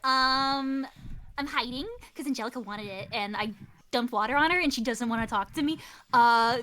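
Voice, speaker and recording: A woman voicing a playful, excitable teenage girl ghost who giggles and chatters cheerfully. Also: on the high side, normal speed. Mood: giddy. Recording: distant mic, faint music behind.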